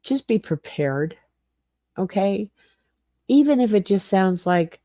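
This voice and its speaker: A woman's voice: medium pitch, animated, takes it slowly, long pauses, mellow, dry recording, studio quality. An older woman hosting a casual livestream from her small garage suite, greeting viewers by name and rambling through the chat. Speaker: livestream host.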